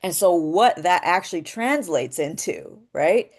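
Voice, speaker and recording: A woman speaks in a somewhat low voice, earnest and unhurried. She gives a reflective talk on voice work in spiritual terms and keeps checking in with a soft rhetorical question. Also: lively intonation. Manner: earnest, often asks a rhetorical "right?". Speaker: voice actor and workshop speaker.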